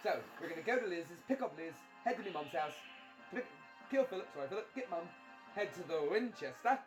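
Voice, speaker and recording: A man's voice: high-pitched, expressive, a little fast. A man voicing a laid-back British bloke with a put-on British accent and mock swagger. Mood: scheming. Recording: loud music behind.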